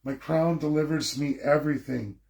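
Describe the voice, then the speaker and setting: A man's voice: on the high side, fairly even intonation, moderate pace, gravelly, a little mellow, reverberant. A man putting on the voice of a whiny, self-pitying, entitled complainer to mock him, in a sing-song whine. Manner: mocking, sing-song whining.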